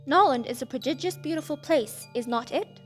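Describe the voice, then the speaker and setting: Effusive young gossip, voiced by a woman narrator, high and eager, abrupt. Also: brisk, soft background music, close to an everyday voice. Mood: chatty. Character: chattering vulgar young woman, over-familiar.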